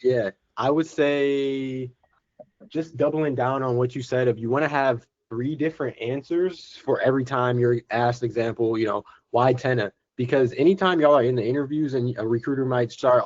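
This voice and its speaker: A man's voice: medium pitch, moderate pace, dull audio. A man casually giving earnest interview advice on a coaching call.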